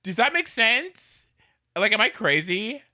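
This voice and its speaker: A man chatting casually while streaming a game, rambling and animated, with swearing and sudden whoops. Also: sits high, unhurried. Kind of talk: casual gameplay chat.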